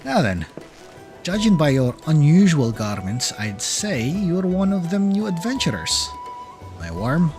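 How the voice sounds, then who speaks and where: A man's voice: medium pitch, a little slow, long pauses, fairly bright tone, close to an everyday voice. Man doing a folksy old-salt traveler. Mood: friendly. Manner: folksy, drawling, gruff put-on accent. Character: chatty, worldly adult male sea traveler. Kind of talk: reading game dialogue aloud in character. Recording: game music clearly behind. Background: game music.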